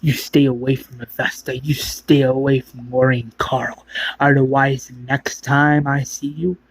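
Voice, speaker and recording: A man's voice: mid-range voice, a bit bright, husky, no echo, poor audio. A man voicing an angry, loyal male survivor who confronts his friend with swearing threats.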